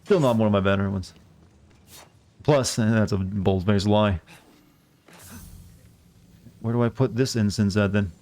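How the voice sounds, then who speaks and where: While streaming a game, a man chats casually in a lowish, slightly mellow voice, unhurried and full of long pauses. He rambles and pokes fun at himself, with lots of filler words and restarted sentences.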